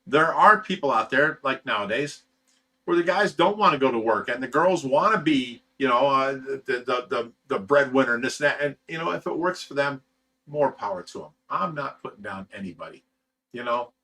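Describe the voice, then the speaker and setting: A man's voice: mid-range voice, expressive, moderate pace, bright, forceful tone, far from the mic. A man hosting a livestream, chatting casually and reading viewer comments in a blunt, rambling way, swearing freely. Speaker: livestream host reading chat.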